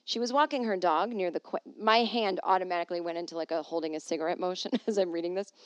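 A woman's voice: lowish voice, quick pace, no echo. Wry, chatty woman talking solo. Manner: wry, chatty, jokey asides while reading. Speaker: podcast host. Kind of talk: casual solo podcast chat, reading an article aloud. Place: at home.

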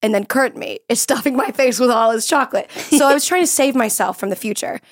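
A woman's voice: fairly high pitch, fast talker. An American woman hosting a podcast in casual chat, giggly and self-mocking, laughing often. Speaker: podcast host.

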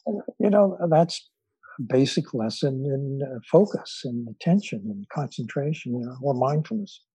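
Husky-voiced man telling stories. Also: mid-range voice, expressive, dark tone, no room sound, low-quality recording. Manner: measured, with frequent fillers. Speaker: author and guest. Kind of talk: storytelling in an interview.

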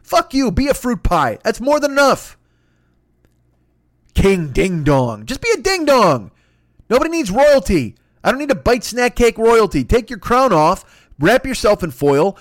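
A man's voice: high-pitched, no room sound, clean studio sound. A man delivering a profane, exasperated comic rant and slipping into mock voices. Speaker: comedian. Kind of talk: improvised comedic rant.

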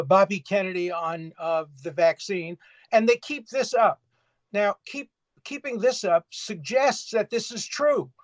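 A man's voice: high-pitched, dry recording, dull audio. An older man speaking as a guest commentator in an interview, making his argument emphatically.

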